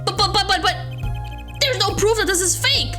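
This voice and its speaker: A woman's voice: slow, soft background music. A woman voicing a flustered young male defense attorney who stammers in a raised voice during a game playthrough. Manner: high-pitched, stammering and excited.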